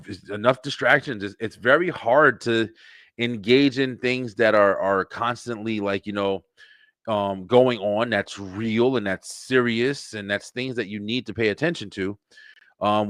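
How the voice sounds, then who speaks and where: A man hosting a webshow, talking in a rambling, profane, animated livestream monologue with lots of fillers and repeats. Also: on the low side, a little slow, no room sound, studio quality. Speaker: webshow host.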